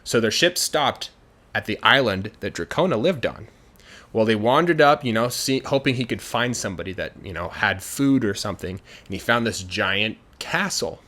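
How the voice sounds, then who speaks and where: A man's voice: lowish voice, normal speed. A man telling a folk tale casually in a chatty, filler-filled way. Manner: chatty, many fillers, grows animated. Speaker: storyteller. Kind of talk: casual storytelling.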